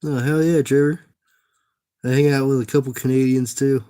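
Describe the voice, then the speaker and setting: A man's voice: mid-range voice, steady tone, moderate pace, dark tone, clean tone. A young man with a Tennessee Southern accent, chatting casually and profanely with his livestream viewers while he works. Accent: Southern American, Tennessee. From Southern United States. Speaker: streamer making dice.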